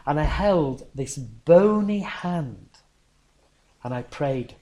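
A male preacher tells stories in a chatty, lively sermon. His voice sits a bit high for a man. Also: takes it slowly. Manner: conversational storytelling, lively.

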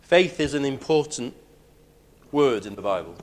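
Guy preaching a sermon, emphatic, goes loud then real quiet. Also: mid-range voice, animated, normal speed. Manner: emphatic preaching, swinging between loud declarations and hushed lines.

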